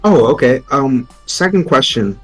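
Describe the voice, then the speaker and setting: A man's voice: mid-range voice, expressive, measured pace, fairly bright tone, faint music behind. A man eagerly playing a tabletop game in casual chat. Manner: eager, enthusiastic. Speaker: player.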